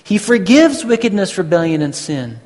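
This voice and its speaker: A man preaching a sermon, teaching slowly and deliberately with emphatic pauses. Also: sits high, big pitch swings, darkish tone. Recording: long hall reverb.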